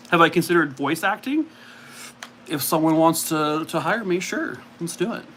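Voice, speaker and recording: Male streamer, casual and self-mocking, slightly high voice, reads the chat. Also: expressive, measured pace, a bit bright, a little hiss or hum. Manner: chatty, self-mocking, reacts to viewer comments. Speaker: livestream host.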